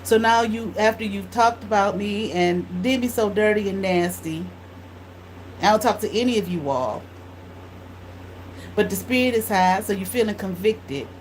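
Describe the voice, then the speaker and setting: A woman tarot reader telling a blunt, animated story in casual speech, swearing freely. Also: medium pitch, normal speed, a little hiss or hum, poor audio.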